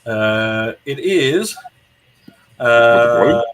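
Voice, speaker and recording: Man, podcast host, bright voice, animated storyteller, swears casually. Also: medium pitch, very slow, clean tone. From New Zealand. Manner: animated anecdote teller, acts out quotes, swears freely.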